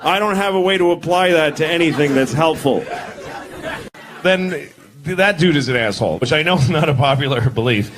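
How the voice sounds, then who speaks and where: A man in his forties performing a self-deprecating, deadpan stand-up comedy set on stage. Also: on the high side, fairly quick. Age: 40s. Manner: deadpan, self-deprecating, acts out bits in character voices. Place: comedy stage before a live audience. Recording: live set with loud crowd laughter.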